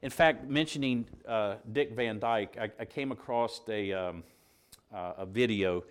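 A man with a fairly low, clean voice preaches a conversational sermon, halting and circling back mid-sentence and often putting rhetorical questions to his listeners.

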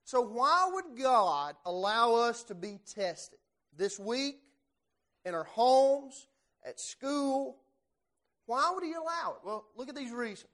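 A man teaching a church Bible class, animated and putting questions straight to the class. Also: very high voice, takes it slowly.

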